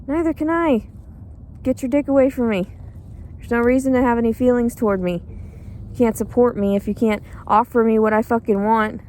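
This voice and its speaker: A woman's voice: on the high side, steady tone, brisk, a little mellow, a little hiss or hum. A tired, cranky woman rambling in a bitter, crude, profane monologue outdoors. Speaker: pregnant homeless woman.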